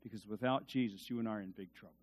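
A man preaching a sermon in a conversational way, swinging from quiet asides to loud, emphatic peaks, with restarts and repeated words. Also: lowish voice, steady tone, rapid-fire, slight background noise.

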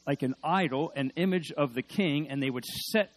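A male preacher giving a sermon, swinging between loud emphasis and hushed asides and leading the congregation in call-and-response. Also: fairly high pitch, moderate pace.

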